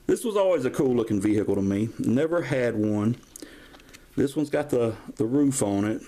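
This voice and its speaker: A man's voice: on the low side, darkish tone. Man, 50s, home collector vlog, folksy and rambling, chatty camera-mic sound. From Georgia, US. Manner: rambling, folksy, drifts into stories. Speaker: toy collector vlogger. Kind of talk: casual show-and-tell collection vlog. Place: at home, filming toys on camera.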